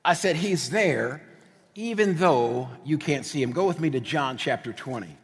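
A man's voice: fairly high pitch, animated, normal speed, husky. Man, middle-aged, preacher, from New Jersey, sermon, storytelling with casual asides, long echoing hall.

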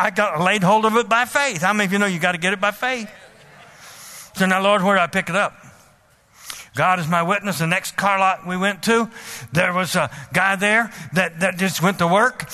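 A male preacher telling a personal story during a sermon. He is animated and often repeats words, and he breaks into loud pleading. His voice is high and very bright.

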